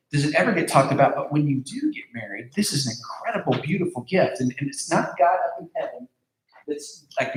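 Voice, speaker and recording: A man giving a casual youth group talk as pastor, conversational, with many fillers and repeated words. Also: a little high. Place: large room with a group. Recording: echoey room.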